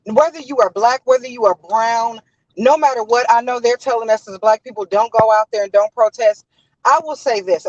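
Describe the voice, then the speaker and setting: A woman's voice: on the high side, no echo, highs cut off. A woman from Los hosting a casual commentary show, talking in an emphatic, indignant way. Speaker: host.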